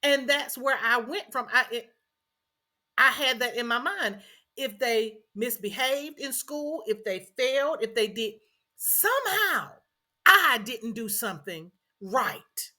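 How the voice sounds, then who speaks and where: A woman's voice: fairly high pitch, lively intonation, slow pace, pushed and bright. A middle-aged woman, earnestly telling a personal story as a podcast host and repeating phrases for emphasis.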